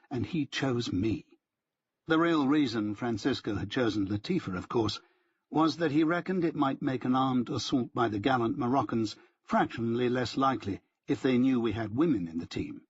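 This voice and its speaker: A man's voice: mid-range voice, moderate pace, dull audio, slight background noise. A man narrating a novel in the first person, dry and understated, giving the other characters small voices of their own. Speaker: audiobook narrator.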